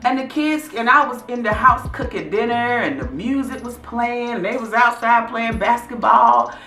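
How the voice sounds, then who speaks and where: Bright, chatty woman in an echoey room. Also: a little high, lively intonation, moderate pace, soft background music. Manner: chatty, encouraging, addresses viewers as y'all. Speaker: vlog host. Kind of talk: casual chat to viewers.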